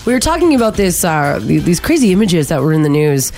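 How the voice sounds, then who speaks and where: A woman co-hosting a radio show, chatting casually and summing up a news story quickly. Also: low-pitched, very animated, darkish tone, faint music behind.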